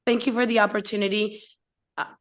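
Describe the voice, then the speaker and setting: A woman testifies as a parent before a legislative committee, reading her prepared statement. Her voice sits at an average pitch, steady with an emotional undertone. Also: a little fast.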